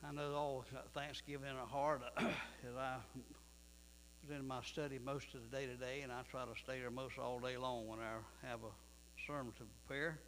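A man's voice: medium pitch, little pitch movement, moderate pace, a bit bright. A man, a pastor preaching a sermon in a church, folksy in manner and building to emphatic preaching. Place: church sanctuary. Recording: distant reverberant room with mains hum.

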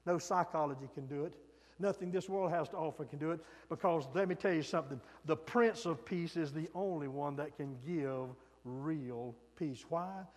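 A man preaching a sermon, swinging from loud emphatic peaks to soft hushed lines. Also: a little high, in a large hall.

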